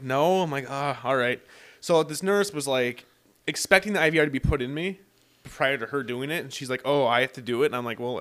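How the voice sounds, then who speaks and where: A young man telling a long story in casual chat, swearing often and acting out what others said. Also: medium pitch. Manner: profane, animated storytelling with acted-out quotes.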